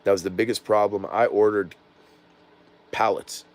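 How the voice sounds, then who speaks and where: A man's voice: fairly low pitch, fairly even intonation, normal speed. A middle-aged man with a Southern US accent, hosting a casual drone livestream in a loose, rambling way with frequent laughs. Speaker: drone channel host.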